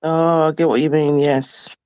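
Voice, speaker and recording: A woman hosting a casual nail chat, relaxed and frank, swearing offhandedly while she works. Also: low voice, measured pace, smooth, no room sound. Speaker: nail artist host.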